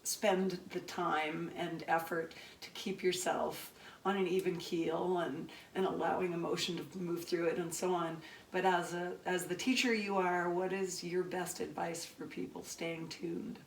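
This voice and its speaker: A woman hosting an interview, speaking gently and reflectively. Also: lowish voice, little pitch movement, a little slow. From Canada. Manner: gentle, reflective, soft-spoken. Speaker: host. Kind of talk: interview conversation. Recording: echoey room from far off, faint noise.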